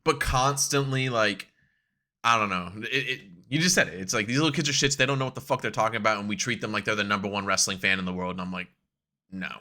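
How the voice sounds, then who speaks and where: Young male co-host, bright voice, animated ranter, loose and profane. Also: on the low side, quick pace. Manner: animated ranting, swears a lot, laughs often. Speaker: podcast co-host. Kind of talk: casual chat.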